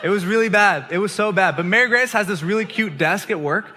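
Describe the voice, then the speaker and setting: A man preaches a sermon by telling a story, animated and often laughing mid-sentence. His voice sits a little high and sounds bright and tense. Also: brisk. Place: church gathering hall.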